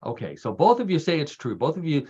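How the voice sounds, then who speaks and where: Joking Texan host with a lo-fi sound. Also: male voice, a little high, wildly swooping pitch, fast, mellow, husky. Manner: chatty and jokey, laughs often, with frequent "uh" restarts. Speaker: show host. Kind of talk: casual radio chat, hosting a news quiz.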